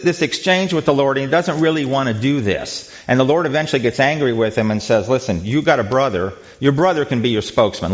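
Man teaching scripture, dull lo-fi recording. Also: mid-range voice. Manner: asks rhetorical questions; frequent ums and restarts. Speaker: Bible teacher. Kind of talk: conversational Bible teaching.

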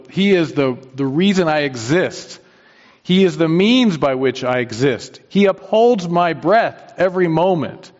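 Guy preaching a sermon, earnest, repeats his points, long hall echo, kinda dull muffled sound. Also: on the high side. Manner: earnest, emphatic repetition of key phrases.

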